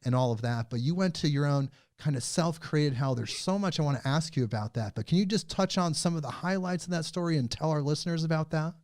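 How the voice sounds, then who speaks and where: Higher-voiced male podcast host. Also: quick pace, few pauses, a little mellow, no echo, clean studio sound. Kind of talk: interview conversation.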